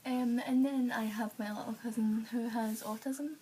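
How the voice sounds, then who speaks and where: A woman's voice: on the high side, fairly even intonation, normal speed, warm tone, a little hiss or hum, low-quality recording. A woman telling rambling stories in a casual vlog, full of fillers and acted-out quotes. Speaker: vlogger.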